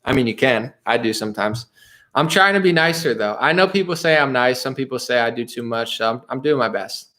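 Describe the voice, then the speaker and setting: A man's voice: medium pitch, lively intonation, fairly quick, sharp tone. A young man chatting loosely with his audience, rambling and laughing, full of "bro" and "dude". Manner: rambling, laughs often, restarts, mimics voices. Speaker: streamer answering chat. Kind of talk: casual livestream chat.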